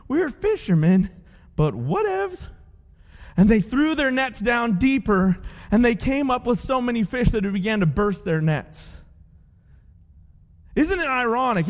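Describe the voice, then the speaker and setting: A man preaching a sermon as pastor, telling stories with playful voices for the people in them. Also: extremely high pitch. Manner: animated storytelling with playful character voices. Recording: long hall reverb.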